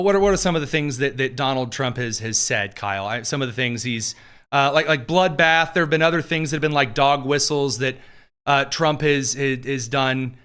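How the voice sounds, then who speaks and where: A man's voice: a little high, a bit bright, smooth. A man hosting casual political commentary, sarcastic and jokey, with frequent fillers and asides.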